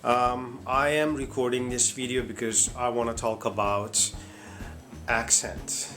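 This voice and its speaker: A man's voice: mid-range voice, flat delivery, measured pace, a bit bright, soft background music. Man, English teacher, casual video talk.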